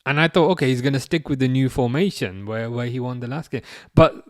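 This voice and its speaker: In clean studio sound with no echo, a man with a mid-range voice talks a little fast while hosting a football watch-along live stream. His casual chat rambles loosely, restarting often as he responds to viewer comments.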